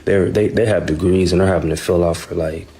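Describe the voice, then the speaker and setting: A man's voice: deep voice, fairly even intonation, fairly quick, mellow. A man co-hosting a talk show, chatting casually and loosely with lots of filler words. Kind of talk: casual chat.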